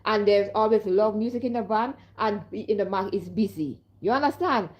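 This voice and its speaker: A woman's voice: medium pitch, moderate pace, highs cut off. A woman with a Caribbean accent talking casually to her viewers as a live streamer, emphatic and repeatedly asking if they understand. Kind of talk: casual direct-to-camera monologue.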